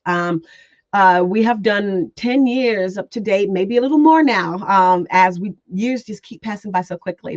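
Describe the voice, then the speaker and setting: A woman's voice: lowish voice, dry recording, muffled recording. A woman teaching remote viewing in a spoken presentation, earnest, repeating phrases with many fillers.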